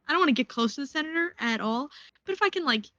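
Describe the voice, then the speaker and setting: A woman's voice: high-pitched, lively intonation, fast talker, bright, forceful tone, no echo. A woman playing a tabletop game, chatty and giggly. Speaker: player. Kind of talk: casual tabletop play. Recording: dull dry home mic.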